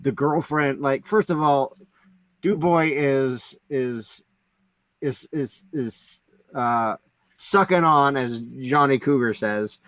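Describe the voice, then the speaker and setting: A man's voice: mid-range voice, slow pace, a bit bright, no room sound. A man co-hosting a podcast in casual chat, telling stories in a rambling way with many fillers. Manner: rambling storyteller, heavy on "like". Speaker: podcast co-host.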